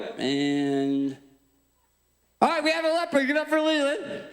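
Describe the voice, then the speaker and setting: Energetic guy preaching on stage, high voice, lots of room echo. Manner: playful, energetic, directs a volunteer on stage. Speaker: guest speaker. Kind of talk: interactive sermon with stage demo. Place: large church hall. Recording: echoey church hall.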